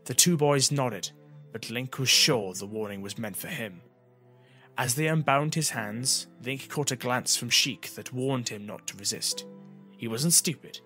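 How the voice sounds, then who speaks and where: A man reading an audiobook chapter as narrator, in an even storytelling manner. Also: mid-range voice, unhurried, faint music behind. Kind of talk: scripted narration.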